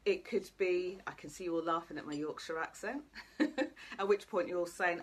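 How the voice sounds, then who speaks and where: A woman's voice: lowish voice, moderate pace, pauses often, slight background noise. A woman, a life coach, chatting cheekily and directly to viewers live on camera. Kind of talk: live motivational talk to viewers.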